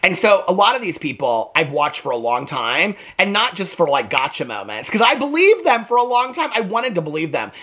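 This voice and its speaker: A husky man talks straight to his viewers in a loose, chatty vlog commentary. His pitch swings widely as he acts out what others said in put-on voices, then checks in with a quick "okay?" before moving on. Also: very animated, pushed and bright. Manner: chatty, keeps asking "okay?" for agreement; acts out quotes in changed voices. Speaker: reaction vlogger. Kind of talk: casual reaction commentary.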